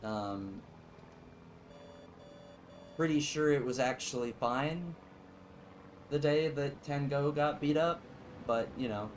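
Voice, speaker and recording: A man's voice: medium pitch, slow, pauses often, slight background noise, low-quality recording. A young man streaming casual live gameplay commentary, rambling and joking as he chats with his viewers.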